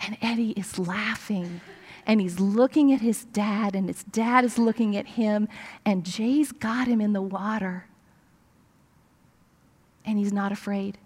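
An older woman, a grandmother, preaching a sermon through a family story, animated and acting out the dialogue. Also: medium pitch, measured pace, pauses often, husky, long reverb tail.

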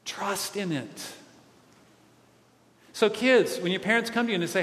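A man preaching a sermon as a pastor, animated, asking the congregation to call back answers. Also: high voice, measured pace. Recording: echoey hall.

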